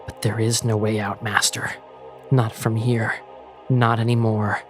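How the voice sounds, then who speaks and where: A man's voice: lowish voice, level tone, a little slow, soft background music, lightly acted. A man voicing a fawning, sinister male servant of a vampire, oily and servile. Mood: menacing. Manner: oily, servile, turns menacing.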